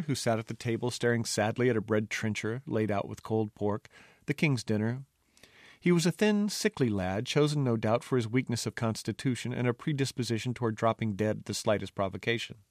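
A man reading his own novel aloud, wry and expressive in narration. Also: medium pitch, brisk, no echo, studio quality. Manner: wry, expressive, doing character voices. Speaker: audiobook narrator. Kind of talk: scripted narration.

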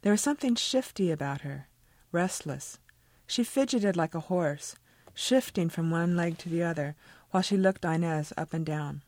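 A woman, the author, reading a passage from her own novel in a measured, expressive way. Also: lowish voice, no echo.

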